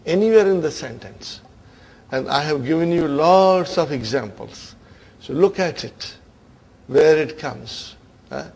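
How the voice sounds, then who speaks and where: Grammar teacher, male, emphatic, fairly high voice, keeps checking that the class follows. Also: expressive, unhurried, creaky, a little mellow, slightly rough. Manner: checks in with listeners often, emphatic. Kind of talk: classroom lecture.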